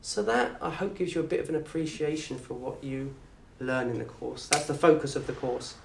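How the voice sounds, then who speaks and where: A man with a southern English accent teaching an Arabic course in a lecture room. He talks in a lively way, quizzes the audience and acts out little scenes. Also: medium pitch, brisk, creaky, noisy background. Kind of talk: lecture to an open day audience. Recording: roomy echo from a distant mic.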